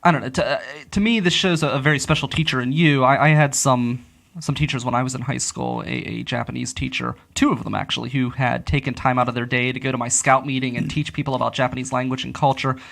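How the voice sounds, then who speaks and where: A man's voice: medium pitch, steady tone, quick pace, gravelly, a bit bright. A young adult male host interviewing a guest, enthusiastic and encouraging, telling stories between questions. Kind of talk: local talk show interview.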